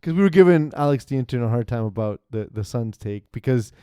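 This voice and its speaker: A man's voice: mid-range voice, expressive, fast, dark tone, clear, resonant tone, dry recording, studio quality. A young man hosting a casual sports podcast, rambling through self-mocking asides. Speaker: podcast host.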